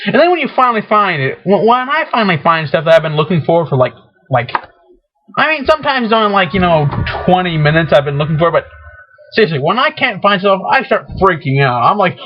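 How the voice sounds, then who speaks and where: A young man rambling in a casual vlog, excitable and full of restarts, often acting out his own panicked rants. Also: sits high, quick pace. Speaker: vlogger. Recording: dull lo-fi webcam audio.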